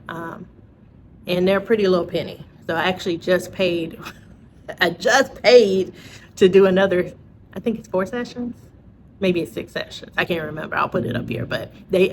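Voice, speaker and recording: A woman talks straight to her viewers in a relaxed, chatty vlog, laughing often and tossing in little asides. Her voice sits a bit low. A faint background hum runs under her voice. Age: adult, parent. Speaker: vlogger. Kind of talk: casual chat to camera.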